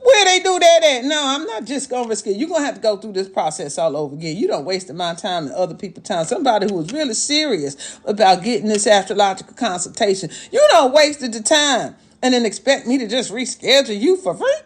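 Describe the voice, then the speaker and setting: A woman's voice: mid-range voice, expressive, fast, few pauses, husky. A woman hosting a casual live stream as an astrologer, talking to viewers in a sassy, motherly way and scolding and teasing them as their elder mama. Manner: sassy, motherly, calls viewers "babies" and "y'all", scolds and teases; talks as an elder mama persona. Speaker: livestream host and astrologer.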